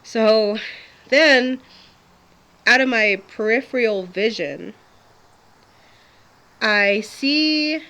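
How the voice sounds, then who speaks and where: A woman's voice: on the high side, very slow, pauses often, bright, forceful tone. A young adult woman telling a personal story in a chatty, casual way, with frequent laughs, fillers and restarts.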